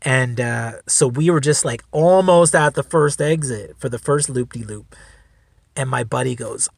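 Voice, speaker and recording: A man's voice: medium pitch, measured pace, vocal fry, dry recording. A man hosting a solo podcast, telling a story in a rambling, laid-back way, swearing freely. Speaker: podcast host. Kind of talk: casual storytelling.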